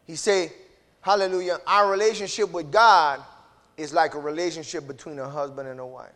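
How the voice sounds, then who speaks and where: High, bright-voiced preacher. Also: male voice, fairly even intonation, normal speed. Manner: preaching, swinging from low asides to shouted climaxes; acts out dialogue between God and Hosea in character. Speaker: pastor. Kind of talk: sermon.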